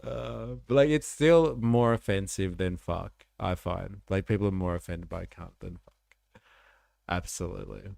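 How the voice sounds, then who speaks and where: A man's voice: deep voice, unhurried, vocal fry, no echo, studio quality. A man hosting a live stream, chatting casually and joking as he reacts to clips. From Australia. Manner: laid-back, joking, swears freely, laughs loudly.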